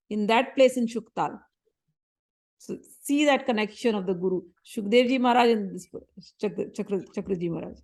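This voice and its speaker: A woman with a fairly high voice gives a spiritual talk as a teacher. She tells stories with animation and repeats key phrases for emphasis.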